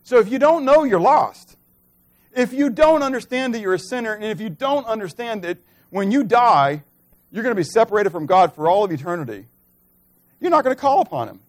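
A middle-aged man preaching a sermon, who swings from loud, emphatic stretches to soft, quiet asides and keeps asking the congregation questions. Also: sits high, sing-song, fairly quick. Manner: conversational, asks the congregation questions. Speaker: pastor.

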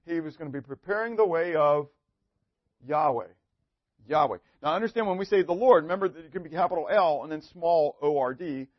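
A man preaching a sermon, asking his listeners questions and answering them himself, swinging from emphatic to very soft and low. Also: no room sound, lo-fi sound.

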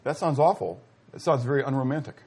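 A middle-aged man preaching a sermon, swinging between loud exclamations and quiet asides and putting questions to his listeners. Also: medium pitch, fast, slightly rough. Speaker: pastor.

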